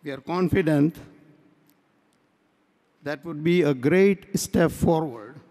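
Man, high voice, unhurried convention speech, long hall echo. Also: a little mellow. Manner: slow, measured delivery telling a parable. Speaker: convention speaker.

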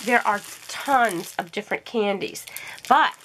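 A woman's voice: medium pitch, unhurried, pushed and bright, slight background noise. A woman gushing and gasping with delight as she unboxes a craft haul for her vlog. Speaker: crafting vlogger.

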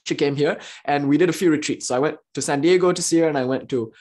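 An enthusiastic spiritual teacher lectures on philosophy in a lively, storytelling way. The voice leaps up in excitement, then drops into quiet, hushed asides, with frequent laughs. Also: medium pitch, quick pace. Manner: swings between excited exclamations and hushed asides.

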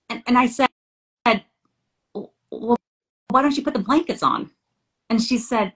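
A woman's voice: on the high side, lively intonation, normal speed, pauses often, low-quality recording. A middle-aged woman hosting a scripture study discussion. She talks in an earnest way, reads passages aloud and tells family anecdotes. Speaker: host.

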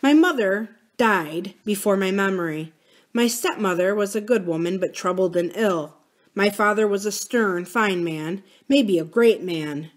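A man's voice: sits high, measured pace. List: woman voicing an earnest young man, confiding, sincere, read aloud from a novel.

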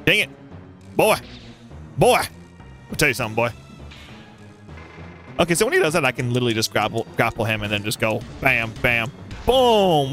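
A young man giving let's play commentary on a boss fight, excitable and taunting the enemy. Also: mid-range voice, brisk, long pauses, faint music behind. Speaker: gaming YouTuber.

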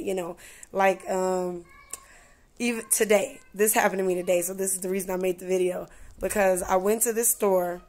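A woman vlogging in a casual, chatty way, full of "you know" and "like", who acts out conversations with lively voices. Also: mid-range voice. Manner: animated, acts out dialogue in voices. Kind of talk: casual storytelling vlog.

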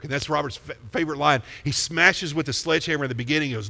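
A man's voice: mid-range voice, fast, sharp tone. A man preaching a sermon as pastor, talking conversationally and putting questions to the congregation. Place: church sanctuary. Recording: long hall reverb.

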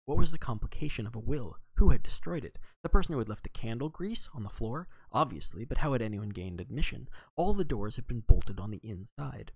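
A man reading a novel aloud on a live stream in an expressive way, with occasional slips and self-corrections. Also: mid-range voice, a little fast, few pauses, husky, no room sound, low-quality recording. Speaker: reader.

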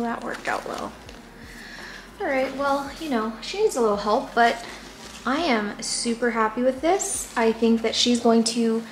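A plant vlogger, a young woman with a fairly high voice, chats about her houseplants at home in a self-deprecating, casual way. Recorded on a camera mic set back in the apartment room, the audio is reverberant with a little hiss or hum.

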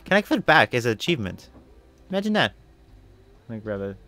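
A man's voice: mid-range voice, sing-song, fast talker, bright, forceful tone. A man giving casual, chatty commentary while playing a video game, muttering his reactions. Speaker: gameplay streamer. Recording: faint game music behind.

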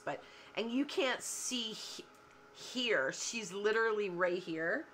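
A woman's voice: on the high side, a little slow, a little hiss or hum. Chatty woman rambling at her craft table. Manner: chatty, rambling storyteller who laughs often. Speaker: cardmaking show host. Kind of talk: casual livestream chat while crafting. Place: home craft room at her work table.

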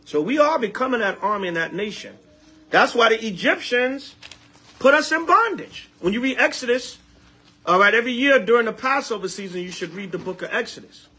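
A man, an elder, preaching to a congregation in a casual, animated way, trading call-and-response with the group and repeating lines for emphasis. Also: extremely high pitch, fairly quick, breathy edge.

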